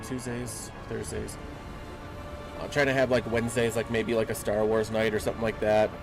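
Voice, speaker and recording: A man's voice: on the low side, level tone, normal speed, vocal fry. A young man streaming a game from home, chatting casually with viewers in loose, rambling talk full of fillers, speaking into a desk microphone. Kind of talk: casual live-stream chat. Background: game music.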